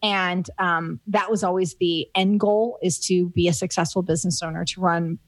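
A woman's voice: lowish voice, steady tone, normal speed, no echo. A middle-aged woman from the United States, a business coach being interviewed, talking candidly and reflectively with many fillers and restarts. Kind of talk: casual interview conversation.

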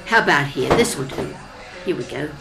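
A woman's voice: low voice, animated, fairly quick, vocal fry, loud music behind the voice, low-quality recording. A woman who narrates and chats with a stranger in a café, asking curious, friendly questions. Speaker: narrator and café conversation partner. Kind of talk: casual scripted dialogue with narration.

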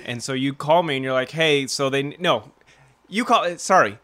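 A man's voice: mid-range voice, expressive, normal speed, bright, forceful tone. A man co-hosting a podcast in casual chat, rambling with restarts and frequent laughter. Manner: rambling, self-interrupting, laughs often. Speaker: podcast co-host.

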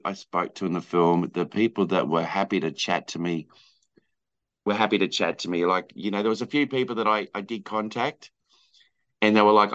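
Rambling man, low voice. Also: fairly bright tone, lo-fi sound. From Australia. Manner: rambling, many fillers and restarts, acts out quoted people. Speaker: filmmaker guest. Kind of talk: casual interview chat.

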